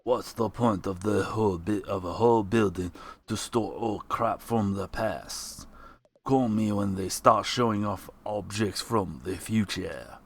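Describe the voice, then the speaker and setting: A man's voice: lowish voice, measured pace, vocal fry, voice pushed down. A man voicing a grumpy, scornful male crab who grumbles with a sneer.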